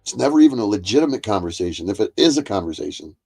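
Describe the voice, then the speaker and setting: A man's voice: fairly low pitch, sing-song, very fast, creaky, darkish tone, husky. A man hosting a livestream, delivering a profane and confrontational rant that keeps circling back on itself. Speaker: livestream host. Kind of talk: angry ranting monologue.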